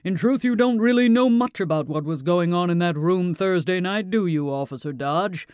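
Guy voicing a needling judge grilling a cop, pushy, a bit high, dry close sound. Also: moderate pace, darkish tone, smooth, no echo, natural voice. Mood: insistent. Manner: needling, insistent questioning. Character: pushy male judge cross-examining a police officer.

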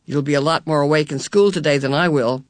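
A reader voicing a calm, patient mother of four in a storybook reading. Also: medium pitch, fast, no echo, lightly acted. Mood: steady. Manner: calm, steady.

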